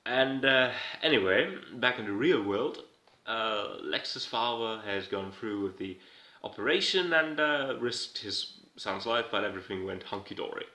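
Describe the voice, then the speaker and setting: A man's voice: mid-range voice, measured pace, pushed and bright. A man giving a casual, irreverent recap, rambling and swearing as he goes. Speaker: video host recapping a TV episode. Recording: roomy echo.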